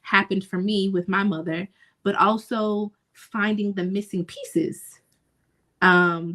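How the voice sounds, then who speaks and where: A woman co-hosting a podcast, speaking in an earnest, reflective way with frequent thoughtful pauses. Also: lowish voice. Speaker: podcast co-host. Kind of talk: casual podcast conversation.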